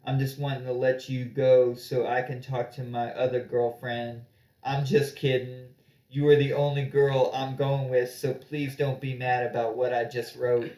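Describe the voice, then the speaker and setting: A teenage boy's love note, read aloud by a man in a put-on voice. The voice keeps an everyday pitch and sounds echoey, as if in a bare room. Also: little pitch movement, measured pace, dark tone, close to an everyday voice. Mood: teasing. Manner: reading a letter aloud in a put-on voice.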